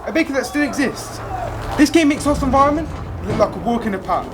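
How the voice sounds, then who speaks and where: A woman's voice: high-pitched, animated, fast, background noise. A young actress playing a female gamer who answers in clipped single words and then tells a long rhythmic story. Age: young adult. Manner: clipped repeated replies, then flowing rhythmic telling. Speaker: student actor in a youth theatre play. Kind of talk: stage play performance.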